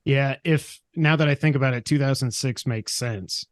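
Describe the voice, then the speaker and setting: A man's voice: mid-range voice, normal speed, no echo. A man talks casually on a podcast, teasing his co-host and rambling through his thoughts. His voice sits mid-range. It is recorded close and dry, with no room sound. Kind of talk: casual chat.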